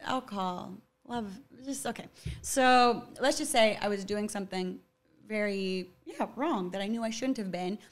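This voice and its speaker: A young woman talks casually as a podcast guest. She keeps up a chatty flow packed with "like", and her voice sits at an average pitch. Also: moderate pace. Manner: chatty, fills talk with "like". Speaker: actor guest.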